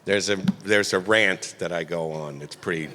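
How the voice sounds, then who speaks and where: A middle-aged man answering questions at a convention panel, animated and joking, rambling loosely with plenty of asides. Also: sits low, normal speed, a little hiss or hum. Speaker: voice actor panel guest. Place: large convention panel hall. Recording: echoey convention hall.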